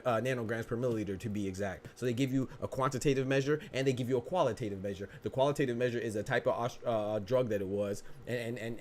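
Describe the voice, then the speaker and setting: A man hosting a casual live-stream podcast, talking fast and arguing hard in loose slang, repeating himself for emphasis. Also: lowish voice, a little hiss or hum. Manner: animated, argumentative, repetitive, slangy. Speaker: podcast host.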